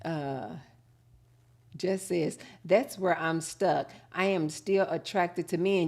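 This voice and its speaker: A middle-aged woman hosting a casual live chat, reading viewer comments aloud and telling animated stories with drawn-out words. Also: lowish voice, vocal fry.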